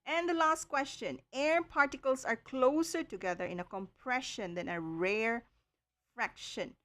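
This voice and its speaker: Speaking with a somewhat high, slightly bright voice, an online tutor leads a livestream lesson. She explains slowly and carefully, often checking in with "okay" and filling gaps with ums.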